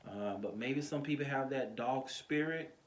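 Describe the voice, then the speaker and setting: A man preaching an informal online sermon as pastor, talking in a chatty, animated way and chuckling now and then, recorded on a phone. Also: mid-range voice, moderate pace. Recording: echoey room.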